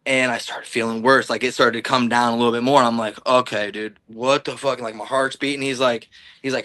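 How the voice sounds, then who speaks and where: A man's voice: medium pitch, fairly even intonation, fairly quick, bright, forceful tone, dry recording. A man from the Illinois-Iowa border telling a long personal story in casual, rambling, profane talk, acting out what people said. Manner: rambling, profane, acts out quoted dialogue. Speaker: podcast guest.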